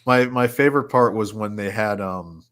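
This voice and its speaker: A man's voice: on the low side, normal speed, clean tone. Laid-back man, chuckling as he talks. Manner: relaxed, laughs while talking. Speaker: podcast co-host. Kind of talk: casual chat.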